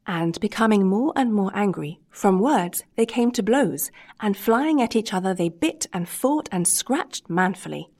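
A woman narrating a classic storybook chapter in a steady, measured reading voice. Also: mid-range voice. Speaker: audiobook reader.

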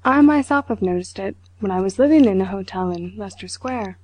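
A woman's voice: medium pitch, expressive, brisk, a little mellow, no echo, natural voice, low-quality recording. A woman reading a pompous boastful man. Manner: self-important, lecturing. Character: pompous boastful middle-aged male official.

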